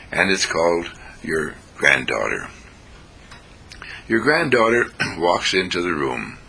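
Deep gravelly man giving a daily thought. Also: sharp tone, low-quality recording. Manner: slow, deliberate, folksy, clears his throat often. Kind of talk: inspirational radio talk.

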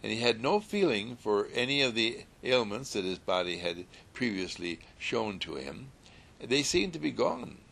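A man telling a story in a gentle, soothing sermon style, repeating calm affirmations. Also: fairly low pitch, moderate pace, vocal fry.

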